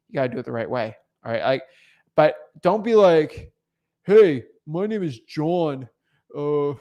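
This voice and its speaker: His voice is high and a little mellow as he hosts a real estate wholesaling coaching livestream. Unscripted, he teases and speaks bluntly, regularly stumbling and repeating words.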